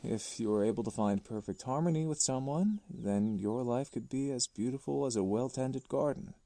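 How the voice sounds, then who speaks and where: A man voicing a soft-spoken gardener. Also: mid-range voice, vocal fry, lightly acted. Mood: musing. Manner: soft-spoken, unhurried, musing. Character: gentle, thoughtful young man tending a garden. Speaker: visual novel character.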